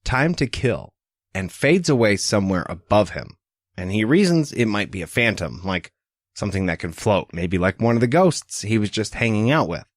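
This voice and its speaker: Animated swearing male podcast co-host. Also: fairly low pitch, moderate pace, no room sound, studio quality. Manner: animated, profane, acts out quotes. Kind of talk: casual book-discussion chat.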